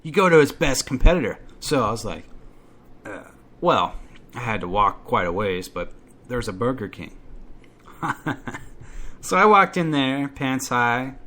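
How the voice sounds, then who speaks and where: A man telling a comic story about himself in a profane, animated rant, acting out his own outbursts. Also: mid-range voice, unhurried, pauses often. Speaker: podcast storyteller. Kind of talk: comedic first-person rant.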